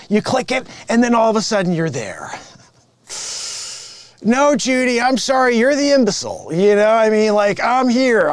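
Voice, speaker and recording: A man's voice: high voice, no echo. A man playing a sleazy, smug phone scammer. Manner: smug, mocking, laughing at his own lines. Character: sleazy male phone scammer boss posing as tech rebate agent. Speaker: improv comedian. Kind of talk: improvised comedy sketch.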